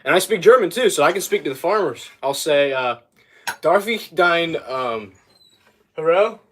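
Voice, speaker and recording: A man's voice: a little high, expressive, normal speed. A young man chatting casually on a livestream while working, rambling and easily sidetracked as he talks to his viewers. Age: young adult.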